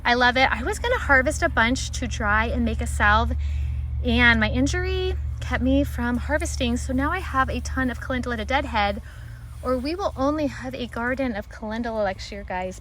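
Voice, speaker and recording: Excitable higher-voiced woman rambling through a garden tour, faint outdoor hum behind. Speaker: homesteading garden vlogger. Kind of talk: casual walking garden tour.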